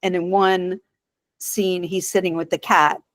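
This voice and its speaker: A woman's voice: lowish voice, little pitch movement, a little slow. A woman co-hosting a podcast, retelling a TV episode in casual chat and laughing often. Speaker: podcast co-host.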